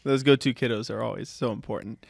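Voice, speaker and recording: A friendly man co-hosts a casual educators' podcast and steers it toward the closing segment. His voice is mid-pitched. The sound is dry. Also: fairly even intonation, fast talker, gravelly, breathy edge, no echo. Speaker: podcast co-host.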